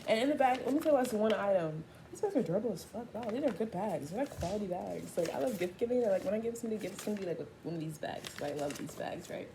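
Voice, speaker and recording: A woman's voice: mid-range voice, fast, few pauses, noisy background. An eighteen-year-old woman chatting casually to camera in a vlog, telling stories with a lot of slang and swearing. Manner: profane, animated storytelling with slangy asides. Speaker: vlogger.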